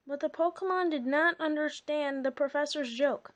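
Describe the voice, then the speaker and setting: A woman reading a children's storybook aloud, breaking off for casual, amused comments. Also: sits high. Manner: slow, chatty, amused asides. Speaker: reader.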